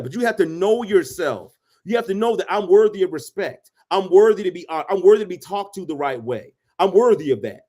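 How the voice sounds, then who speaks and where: A man's voice: high-pitched, lively intonation, fairly quick, dark tone. A man co-hosting a podcast, giving advice in an emphatic, preachy way and repeating phrases for emphasis. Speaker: podcast co-host. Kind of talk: casual advice conversation.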